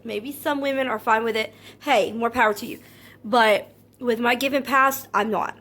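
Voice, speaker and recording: A woman vlogger with a fairly high voice speaks directly to her audience in an earnest, personal monologue. She stays calm and measured, never loud, yet an anxious, hurt edge runs through her words, and she circles back to repeat her points. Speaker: content creator.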